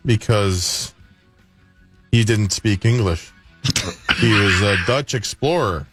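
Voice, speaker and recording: A man's voice: fairly low pitch, slow, fairly bright tone, breathy edge, faint music behind. A man on a sports radio crew, reading out facts in a matter-of-fact way. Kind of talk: reading a fact aloud, casual banter.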